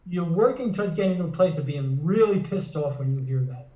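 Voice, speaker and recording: Animated and fairly quick, a psychotherapist and author, a man with a fairly high, warm voice, explains earnestly in an interview, often restarting phrases as he teaches. He sits far from the mic in an echoey room.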